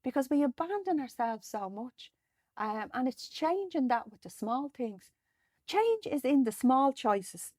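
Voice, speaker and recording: A woman's voice: sits high, very animated, a little slow, darkish tone, dry recording, studio quality. A middle-aged woman hosting a podcast, giving motivational self-help talk and coaching her listeners directly in an encouraging way. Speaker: podcast host.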